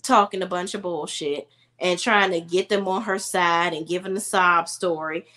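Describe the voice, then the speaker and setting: Fairly low in pitch, her voice is bright and forceful, with fairly even intonation and a moderate pace. She's recapping a reality TV episode, and her casual take is opinionated, blunt, exasperated, and full of slangy storytelling.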